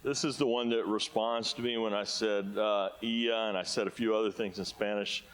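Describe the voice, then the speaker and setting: A man's voice: fairly low pitch, fairly even intonation, fairly quick, a bit bright, low-quality recording. A man presenting at a conference, telling rambling, self-deprecating stories in a casual way. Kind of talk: casual storytelling talk. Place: conference hall.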